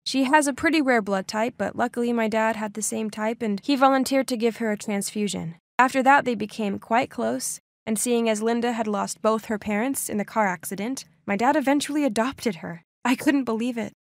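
Young female narrator, earnest and dramatic, high voice, dry close mic. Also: brisk, few pauses, no room sound. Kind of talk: first-person animated story narration.

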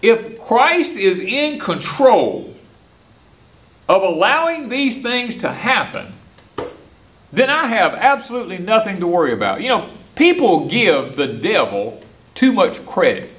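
Older Southern man with a lively voice, folksy porch preaching, outdoors. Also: sits high, a little slow. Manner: folksy, repetitive, animated. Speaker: homesteader and former preacher. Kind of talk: porch-side preaching talk.

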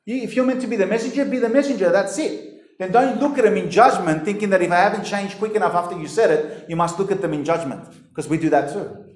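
A man delivers a sermon in an animated, emphatic way, addressing his listeners directly. His voice sits high for a man. The room adds a strong echo. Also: fast talker. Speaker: pastor. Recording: echoey room.

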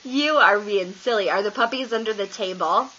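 A woman's voice: mid-range voice, moderate pace, bright, forceful tone, a little hiss or hum. A woman talking baby talk to her little one at home, coaxing in a sing-song way and often laughing, recorded on a home camera. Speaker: parent filming her baby. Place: home, indoors. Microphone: handheld camera. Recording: dull lo-fi home camcorder audio.

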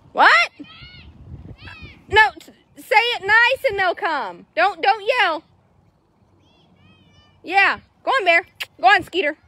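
A woman, chatting excitably to viewers while showing a horse for sale in an arena. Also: very high-pitched, slow, long pauses. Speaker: horse seller. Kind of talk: casual sales chat while riding.

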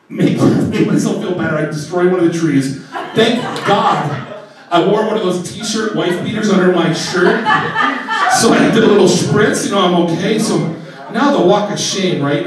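A middle-aged man telling a comic personal story on stage, animated and acting out voices. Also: high-pitched. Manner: animated, acts out voices, laughing through the telling. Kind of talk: stand-up storytelling. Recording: echoey room, distant mic.

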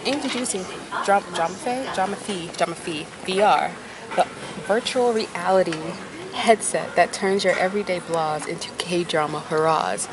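A woman's voice: on the low side, moderate pace, a loud crowd. A woman chatting playfully with a friend on a trip and doing a mock advertisement. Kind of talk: casual chat.

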